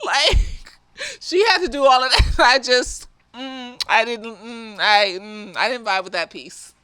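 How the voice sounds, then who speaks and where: A slightly tipsy woman, a therapist, giving a casual film review in an animated way, laughing often and swearing freely. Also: fairly high pitch, unhurried, smooth, no room sound.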